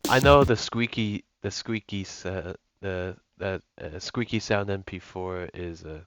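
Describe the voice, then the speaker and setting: A man's voice: deep voice, unhurried, fairly bright tone. A young man giving casual gameplay commentary as a gaming YouTuber, rambling with lots of fillers and restarts. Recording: lo-fi with music and mains hum.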